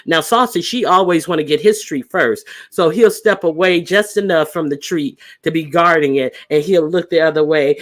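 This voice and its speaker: A man's voice: fairly high pitch, a bit bright. A man hosting a live stream, chatting casually with viewers in a rambling way, full of fillers and restarts. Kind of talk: casual chat.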